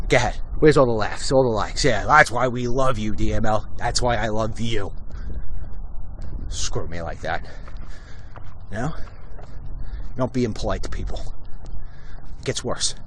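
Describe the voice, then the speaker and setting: A man's voice: mid-range voice, lively intonation, unhurried, pauses often, slight background noise. A man from Long Island, hosting a walk-and-talk vlog and telling stories bluntly with acted-out quotes. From Long Island, New York. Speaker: host. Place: outdoors, walking.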